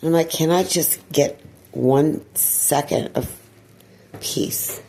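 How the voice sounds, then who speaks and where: A woman talking in a personal vlog monologue, weary and distressed, sighing and clearing her throat. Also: sits low, slow, mellow, a little hiss or hum. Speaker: video blogger.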